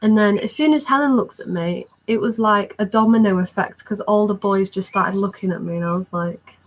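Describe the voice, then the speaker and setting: A young woman telling an excited storytime vlog in a rambling, chatty way. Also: medium pitch, brisk, poor audio. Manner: excited, rambling recounting with many fillers. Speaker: vlogger.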